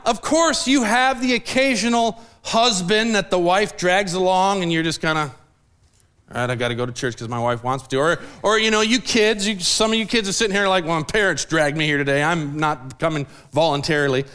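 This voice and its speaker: A man's voice: very high voice, fairly bright tone. A man preaching a sermon as pastor in a church, casual and joking as he acts out people's lines. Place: church sanctuary.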